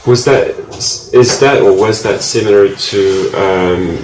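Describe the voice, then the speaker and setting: A man moderating a symposium, asking questions haltingly with many fillers and restarts. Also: lowish voice. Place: large echoey university room. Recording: echoey room, distant mic, faint hiss.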